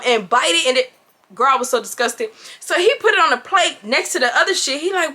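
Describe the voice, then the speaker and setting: A woman in her twenties telling a storytime vlog to her viewers in an animated, exclamatory, slangy way. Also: high voice, fairly quick. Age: 20s. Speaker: vlogger.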